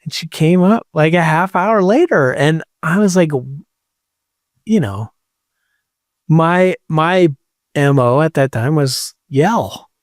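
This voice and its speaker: Slow, high-voiced man telling a story. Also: dry recording, studio quality. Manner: candid, profane, full of "like" fillers, laughs mid-sentence. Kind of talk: casual storytelling chat.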